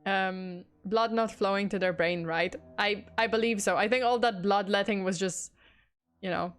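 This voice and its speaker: A woman's voice: medium pitch, steady tone, normal speed. Chatty young woman streaming true crime. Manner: chatty, laughs often, swears casually. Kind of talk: casual livestream narration with chat replies. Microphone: desktop USB mic.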